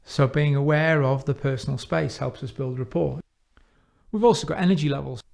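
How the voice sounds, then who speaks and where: A man giving an instructional talk on coaching, measured and deliberate, slowing down to stress key phrases. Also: fairly high pitch, creaky, a little mellow. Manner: measured, with emphatic slowed phrases. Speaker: coaching trainer.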